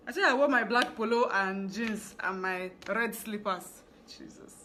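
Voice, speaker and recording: Bright chatty Nigerian woman storyteller. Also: medium pitch, moderate pace, few pauses, slight background noise. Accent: Nigerian English. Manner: chatty, animated storytelling with asides. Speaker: fashion business owner vlogger. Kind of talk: casual storytelling vlog.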